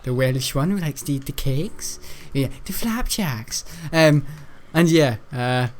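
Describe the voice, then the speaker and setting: A man's voice: medium pitch, animated, slow pace, a little hiss or hum. A young man from Britain, rambling and giggling as he tells a school story while playing a game. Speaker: gaming video host. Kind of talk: casual gameplay commentary.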